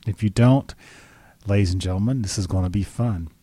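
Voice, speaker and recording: A man's voice: sits low, a little fast, dark tone, breathy edge, dry recording. A man hosting a podcast interview, chatting enthusiastically and rambling with frequent restarts. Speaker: podcast host. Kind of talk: casual interview chat.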